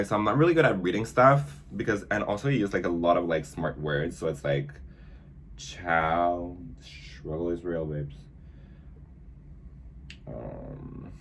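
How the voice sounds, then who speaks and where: A man's voice: sits low, expressive, measured pace, long pauses, slight background noise. A man chatting casually through a makeup tutorial, filling his talk with "like" and stumbling whenever he reads aloud. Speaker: makeup vlogger.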